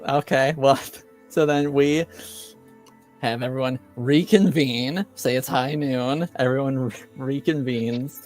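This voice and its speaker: A man's voice: medium pitch, steady tone, slow pace, a little mellow, soft background music. A man narrating as game master, with hesitant phrasing and frequent ums.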